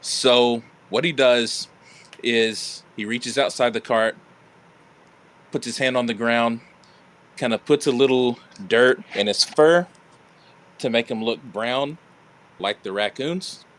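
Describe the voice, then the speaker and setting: A man at a tabletop game who lays out his character's moves slowly and hesitantly. He pauses often and fills the gaps with small fillers. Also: mid-range voice, fairly bright tone. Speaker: player.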